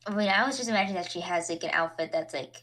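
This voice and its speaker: A woman's voice: lowish voice, racing, a bit bright. A woman playing in a tabletop game, chatting casually and laughing often. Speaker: player. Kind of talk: casual chat.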